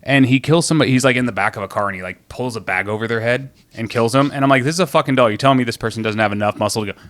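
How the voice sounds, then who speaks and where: A man co-hosting a casual gaming podcast, relaxed, asking questions and adding short reactions. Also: medium pitch, very fast, no room sound. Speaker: podcast co-host.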